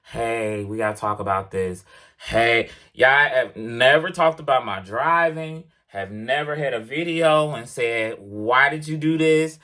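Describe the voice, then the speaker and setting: A man's voice: mid-range voice, a little slow. A man telling a casual, emphatic story about leaving his job, quoting conversations as he goes. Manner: animated, emphatic, quotes conversations in voices. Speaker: truck driver vlogger. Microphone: action camera mic. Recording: action camera.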